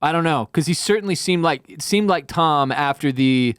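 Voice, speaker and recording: A man's voice: fairly high pitch, moderate pace, smooth, dry recording. A man co-hosting a podcast in casual chat, rambling and reenacting scenes, on a studio mic. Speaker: podcast co-host.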